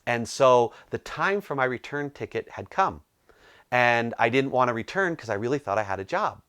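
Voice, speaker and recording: Animated storytelling male coach. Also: normal speed, clear, resonant tone. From United States. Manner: animated, acts out dialogue with rising pitch. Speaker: business coach. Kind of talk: motivational storytelling to camera.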